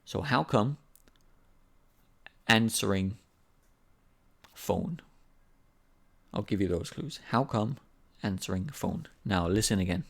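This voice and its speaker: A male English teacher with a fairly low voice and a gravelly, creaky edge. He explains grammar patiently and chattily, repeating each example so learners can follow. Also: lively intonation, slow, long pauses. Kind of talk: language lesson.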